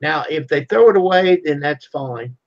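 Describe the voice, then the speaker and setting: A man's voice: a little high, animated, moderate pace, vocal fry. A man who is a guest on a livestream, chatting casually in an easygoing way. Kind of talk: casual chat. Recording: dull lo-fi stream audio.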